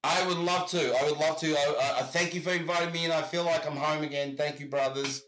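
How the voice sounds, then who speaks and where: A middle-aged man, a guest telling stories in animated, casual chat over a video call, swearing freely. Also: fairly high pitch, fast talker, echoey room, crowd noise.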